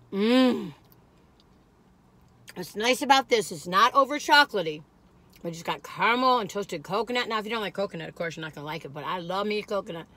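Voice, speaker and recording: A woman's voice: medium pitch, fairly bright tone. An older woman, rambling in a folksy, exclamatory way while reviewing cookies on her vlog. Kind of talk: casual chatty food review.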